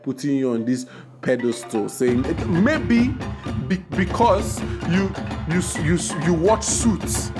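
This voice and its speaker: A young man doing a casual, joking review, animated, with bursts of loud exclamations. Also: mid-range voice. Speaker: video reviewer.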